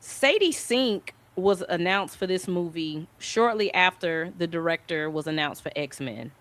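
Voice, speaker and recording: A woman's voice: on the low side, expressive, measured pace, a bit bright. A young adult woman co-hosting a casual entertainment news chat, opinionated and emphatic. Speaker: podcast co-host.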